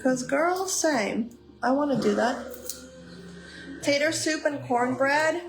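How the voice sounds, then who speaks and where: A woman's voice: high voice, lively intonation, slow, over music. A woman hosting a casual livestream from her home kitchen, chatting as she cooks and greeting viewers by name. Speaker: livestream host. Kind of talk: casual chat while cooking live. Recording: echoey room with clear background noise.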